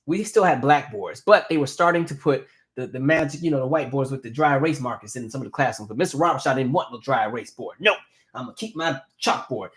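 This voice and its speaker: A man in his thirties hosting a casual live stream, telling animated stories and reading viewer comments aloud. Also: medium pitch, fast talker. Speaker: host.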